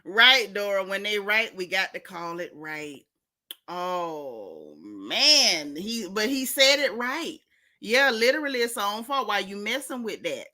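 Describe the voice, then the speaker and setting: A woman's voice: mid-range voice, very animated, measured pace, bright, forceful tone. A woman hosting a gossip show as a casual livestream, dramatic and theatrical, talking straight to her chat viewers. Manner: talks directly to chat viewers.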